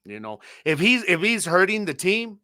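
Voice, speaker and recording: A man's voice: high-pitched, big pitch swings, normal speed, bright, forceful tone, no echo, studio quality. A man co-hosting a casual sports podcast, teasing rival fans and laughing often. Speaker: podcast co-host.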